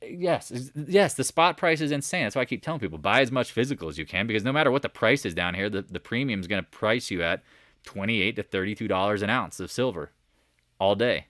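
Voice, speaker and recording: Lively low-voiced man explaining charts. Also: quick pace, no echo, studio quality. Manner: animated, talks to chat viewers, rhetorical questions. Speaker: market commentary host. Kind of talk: live stock chart commentary.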